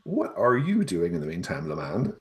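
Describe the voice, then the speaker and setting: A man narrating a tabletop game as game master, relaxed and improvising with many fillers. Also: low-pitched, normal speed.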